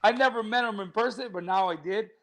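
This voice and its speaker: A man's voice: sits high, fast, fairly bright tone. Easygoing man co-hosting a podcast. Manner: easygoing, lots of "you know" fillers. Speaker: boxing coach and podcast co-host. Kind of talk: casual podcast chat.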